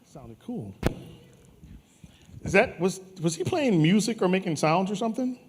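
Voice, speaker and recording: A man's voice: high voice, slight background noise. A man from New Orleans hosting a conference on stage, bantering and teasing people in playful, joking chatter. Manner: teasing, animated, quick jokes. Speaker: conference host.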